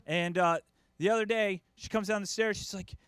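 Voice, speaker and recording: A man's voice: sits high, moderate pace, smooth, no echo. A middle-aged man from the United States doing a stand-up comedy set, acting out his family in quoted voices. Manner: animated, acts out family members in quoted voices.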